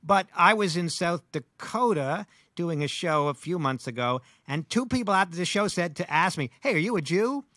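A man co-hosting a casual chat as a comedian, who talks haltingly with repeated restarts. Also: a little high, expressive, bright, forceful tone, dry recording, studio quality. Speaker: comedian co-host.

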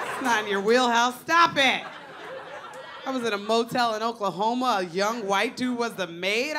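A woman in her thirties performing a stand-up comedy set on a club stage, with a brash, punchy delivery and sudden shouted bits. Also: a little high. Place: comedy club stage before a laughing audience. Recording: live club recording with audience laughter.

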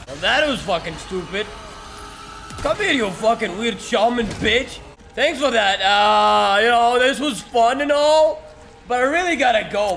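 A young man streaming a video game, excitable and swearing, laughing often as he comments casually. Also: very high voice, normal speed, soft background music.

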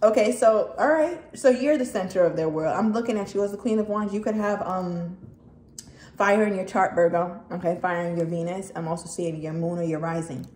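A woman's voice: on the low side, a little fast, a little mellow. A woman giving a casual tarot reading straight to the viewer, blunt and swearing freely as she talks. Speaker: tarot reader. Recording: echoey room with faint noise.

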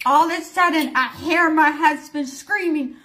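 A woman's voice: high voice, fairly bright tone. A woman in her forties telling a story in a casual vlog, acting out her own and others' panicked lines. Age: 40s. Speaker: storyteller vlogger.

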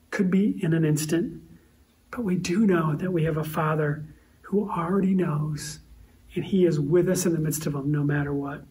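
A man's voice: on the high side, a little mellow. A man pastor preaching a sermon in a conversational, storytelling way, posing rhetorical questions to the congregation. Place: church sanctuary. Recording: voice distant from the mic.

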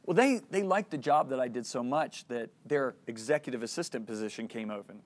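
A man's voice: mid-range voice, expressive, a little fast. A middle-aged man teaching a Christian lesson, telling a personal story in an earnest way and acting out the lines of the people in it. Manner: earnest storytelling, acts out dialogue.

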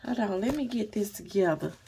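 A woman vlogger chatting casually through an unboxing, gushing and excitable as she talks straight to her viewers. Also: mid-range voice, brisk, creaky, background noise.

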